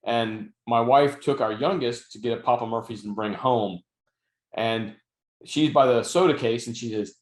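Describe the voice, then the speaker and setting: With a mid-range voice at a moderate pace, this man co-hosts a casual podcast and also writes novels. His humor is dry, his storytelling full of wry asides, and the room echoes noticeably.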